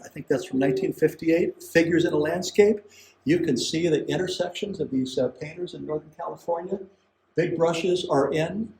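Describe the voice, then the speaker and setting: A man's voice: a little high, warm tone. A man giving a conversational art lecture to a museum audience, chatty, with asides and questions to the room. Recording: roomy gallery echo.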